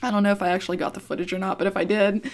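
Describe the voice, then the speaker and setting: A woman's voice: medium pitch, level tone, very fast. Ranting woman telling a storytime. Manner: rambling, heated, swears freely. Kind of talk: casual storytime rant.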